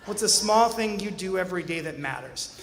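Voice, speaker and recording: A man in his forties with a high-pitched, expressive voice tells a personal story on stage at a brisk pace, earnest but with wry humor. The recording has a roomy hall reverb and faint ambience.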